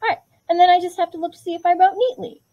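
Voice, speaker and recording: A woman's voice: very high voice, steady tone, racing, dark tone, muffled recording. A woman teaching kindergarten writing in a patient, encouraging way, sounding out each word step by step. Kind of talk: online writing lesson for young children.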